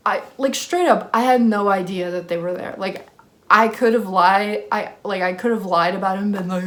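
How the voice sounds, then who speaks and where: A woman in her twenties telling a story time vlog in a casual chatty way, full of "like". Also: medium pitch. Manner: casual, lots of filler "like", swearing. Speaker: vlogger.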